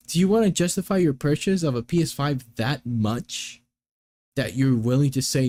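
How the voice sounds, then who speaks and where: A man's voice: medium pitch, moderate pace, mellow. A young man in casual chat as a gaming streamer, rambling through exasperated rants full of filler words.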